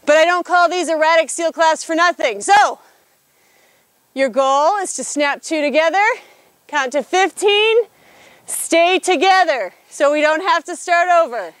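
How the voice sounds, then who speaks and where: A very high-voiced woman runs a boot camp class outdoors. She calls out commands and counts reps with bright energy. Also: a little slow, no room sound. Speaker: fitness instructor. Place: outdoors on a hilltop.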